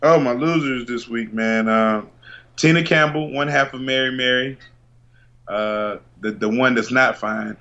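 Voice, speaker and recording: A man's voice: mid-range voice, unhurried, sharp tone, lo-fi sound. A man co-hosting a podcast, talking in a laid-back, profane, laughing way. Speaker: podcast co-host. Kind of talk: casual chat.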